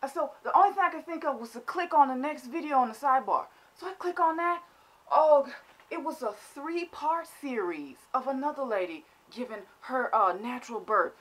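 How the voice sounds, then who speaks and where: Animated woman telling a comic story. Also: high voice, brisk. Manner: animated, exaggerated, mock-dramatic. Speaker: vlogger. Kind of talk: comedic storytelling vlog.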